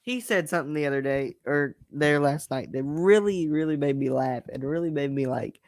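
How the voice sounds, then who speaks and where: A man's voice: a little high, moderate pace, few pauses, no echo. A young man hosting his own show, talking in a blunt, emphatic way, swearing freely and often restarting his words. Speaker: host. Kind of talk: casual personal monologue.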